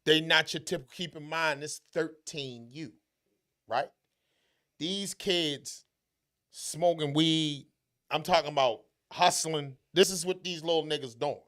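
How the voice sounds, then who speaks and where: A man's voice: on the high side, unhurried, bright, forceful tone. A man co-hosting a casual podcast chat, telling stories with heavy slang and profanity. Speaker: podcast co-host.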